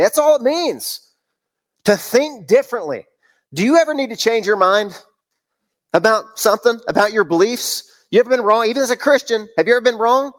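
Pastor, middle-aged man, slightly high voice, casual preaching full of rhetorical questions. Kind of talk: sermon.

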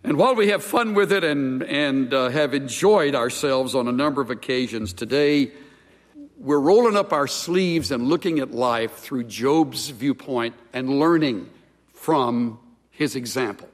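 Male preacher, emphatic sermon delivery, unhurried, recorded in a large echoing hall. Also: mid-range voice. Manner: measured, emphatic pulpit delivery.

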